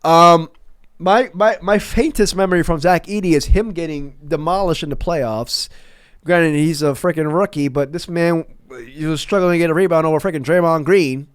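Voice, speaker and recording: Male fan commentator, slightly high pitch, casual and profane, dry recording. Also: moderate pace, clear, resonant tone, no echo. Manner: rambling, stammering restarts, profane asides.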